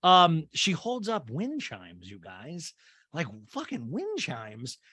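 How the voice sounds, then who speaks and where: A man's voice: fairly high pitch, huge pitch swings, slow, bright, forceful tone, breathy edge, no echo, studio quality. A man hosting a podcast, recapping a show in a chatty, profane, incredulous way. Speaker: podcast host. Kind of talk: casual comedic recap.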